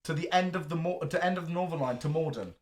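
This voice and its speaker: A man's voice: fairly high pitch, fast. A man co-hosting a podcast, telling jokey stories in casual banter. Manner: jokey, animated storytelling with laughs. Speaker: podcast co-host.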